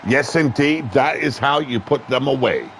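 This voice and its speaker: A man calling a wrestling match play-by-play, excitable and profane, often shouting. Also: medium pitch, moderate pace, a little hiss or hum. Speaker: wrestling commentator. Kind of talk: play-by-play commentary.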